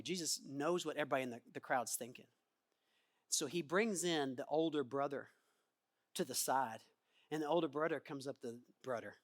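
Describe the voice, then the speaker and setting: Guy preaching in church, animated, gets loud then drops quiet, does little voices for quotes. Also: a little high. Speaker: pastor. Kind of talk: sermon.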